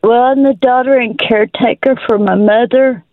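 A woman's voice: fairly high pitch, fairly even intonation, no room sound. Tearful, apologetic woman caller, tinny phone line, dry sound. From Georgia, USA. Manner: apologetic, halting. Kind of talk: phoning in to a radio show. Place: parked car.

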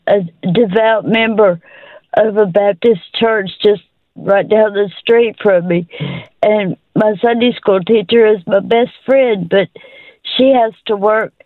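A woman from Georgia, calling a radio show from her parked car, tearful, apologetic and halting. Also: mid-range voice, dry recording. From Georgia, USA. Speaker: caller. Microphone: phone. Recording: tinny phone line.

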